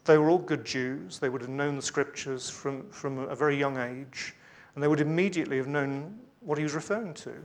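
A man's voice: fairly high pitch, fairly quick, hardly any pauses. Man, preacher, sermon, conversational asides, emphatic scripture reading, light humour. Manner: reads scripture aloud with emphasis, then speaks in a conversational aside.

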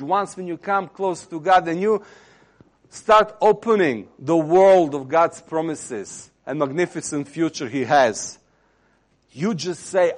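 Impassioned preacher man. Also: a little high. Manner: impassioned, swells louder on key phrases then drops to near-whisper. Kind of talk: sermon.

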